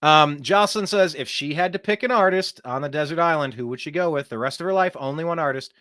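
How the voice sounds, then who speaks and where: A man's voice: on the high side, fast talker, pushed and bright, no room sound, clean studio sound. A man hosting a casual livestream chat, reading viewer comments aloud in a chatty way. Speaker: host.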